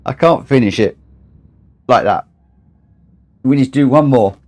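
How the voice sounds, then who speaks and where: A man's voice: mid-range voice, unhurried, darkish tone, lo-fi sound. A tired man hosting a long charity gaming livestream, chatting casually, rambling and repeating himself as he gets emotional. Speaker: livestream host.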